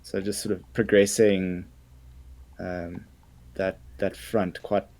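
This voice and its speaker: A man co-hosting a podcast, sharing news items with many ums and pauses. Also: low voice, flat delivery. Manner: hesitant with many ums, warming up to enthusiasm. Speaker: podcast co-host. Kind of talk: casual news chat.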